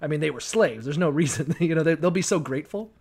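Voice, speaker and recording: A man's voice: fairly high pitch, fast, darkish tone, slightly rough. Profane, joking man on a podcast. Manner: irreverent and profane, laughs often, acts out voices. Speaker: podcast co-host. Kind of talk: casual chat.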